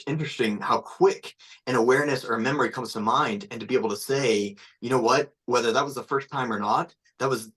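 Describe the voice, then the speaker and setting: A man's voice: medium pitch, fairly bright tone, husky. A man teaching an online class over a video call, speaking in a reflective, conversational way.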